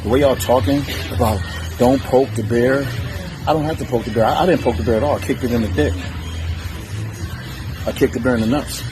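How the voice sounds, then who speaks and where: A man's voice: medium pitch, steady tone, a little fast, long pauses. Profane, defiant man ranting over music. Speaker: challenger in a strength feud. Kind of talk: trash-talk rant to the camera. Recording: music playing under the voice.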